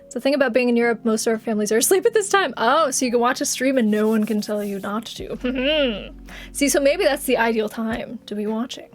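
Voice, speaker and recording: A woman's voice: a little high, fairly quick. A young woman streamer chatting casually on a live stream, giggling often and swearing offhandedly, with music faintly behind. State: has covid.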